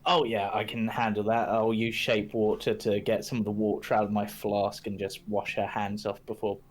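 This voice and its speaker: A man's voice: on the low side, level tone, moderate pace, poor audio. A man, a tabletop game player, giving a casual, hesitant recap with many ums.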